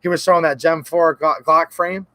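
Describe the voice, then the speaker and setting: A man's voice: a little high, fairly even intonation, normal speed, sharp tone, no echo. Chatty man hosting a livestream. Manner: rambling, joking, chatty. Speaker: gun channel livestream host. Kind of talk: casual livestream chat reading chat names.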